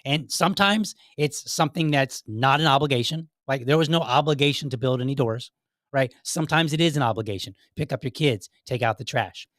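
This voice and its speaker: A man's voice: mid-range voice, brisk, fairly bright tone, dry recording, studio quality. A middle-aged man hosting his own podcast, rambling in a chatty way with many restarts. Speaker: podcast host. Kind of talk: casual solo podcast commentary.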